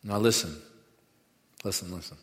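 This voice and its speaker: A man's voice: low voice, normal speed, a bit bright. Male preacher in an echoey hall. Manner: emphatic, leads the congregation in call-and-response. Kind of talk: sermon. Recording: echoey hall with long reverb.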